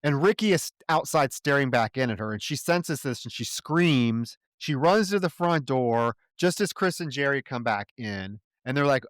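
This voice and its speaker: A man's voice: medium pitch, lively intonation, moderate pace, few pauses, dry recording, clean studio sound. A man co-hosting a casual film-review podcast, recapping plot with sarcastic, profane asides and acting out characters' lines. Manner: acts out characters' lines in quotes. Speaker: podcast co-host.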